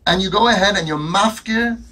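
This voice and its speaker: Brief: man with a high, husky voice, emphatic speaker to an audience. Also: fairly quick, bright, forceful tone. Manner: emphatic, rhetorical questions, acts out dialogues. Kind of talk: impassioned talk to a live audience.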